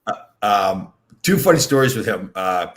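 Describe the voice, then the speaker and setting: A man in his sixties, a former hockey player who hosts a podcast, tells excitable anecdotes in a casual chat, constantly restarting his sentences. His voice is fairly low and his pace moderate.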